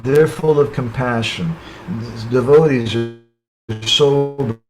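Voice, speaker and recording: A man of medium pitch narrates a parable in a sermon. He speaks over an online webinar call and keeps checking in with the listeners through short tag questions. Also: slow, soft background music, low-quality recording. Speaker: spiritual speaker. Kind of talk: storytelling sermon.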